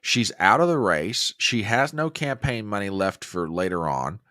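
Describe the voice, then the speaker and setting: A man hosts a conservative political podcast in a lowish, slightly slow voice, captured in clean studio sound without echo. Animated and emphatic, he gives opinionated takes and keeps restarting his sentences.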